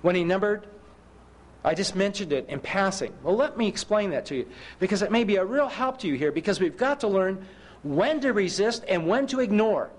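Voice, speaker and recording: A man's voice: high voice, lively intonation, brisk. A middle-aged man preaching a sermon, telling personal stories with self-mocking humor and asking his listeners rhetorical questions.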